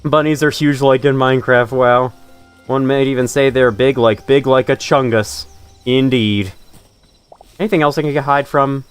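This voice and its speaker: A man's voice: mid-range voice, steady tone, moderate pace, smooth. A young man chatting and laughing while playing a game live, talking to the creatures on screen. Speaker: streamer. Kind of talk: live gameplay commentary. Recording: faint music in background.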